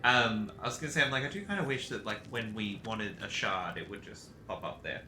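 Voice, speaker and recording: A man's voice: fairly low pitch, lively intonation, fairly quick, echoey room, noisy background. A man giving casual, meandering commentary as he plays a video game, chatting to his cat along the way. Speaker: gaming streamer. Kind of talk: casual let's-play commentary.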